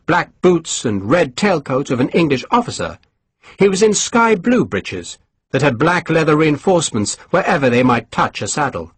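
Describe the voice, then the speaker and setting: A man reading an audiobook in a measured, expressive storytelling manner. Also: fairly high pitch, slightly rough, no room sound. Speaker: audiobook narrator. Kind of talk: scripted narration.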